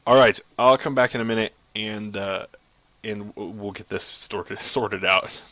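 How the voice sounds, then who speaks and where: Slow-talking man narrating his game. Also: lowish voice, dry recording. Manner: chatty, excitable, laughs at himself. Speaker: gaming video creator. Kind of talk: casual gameplay commentary.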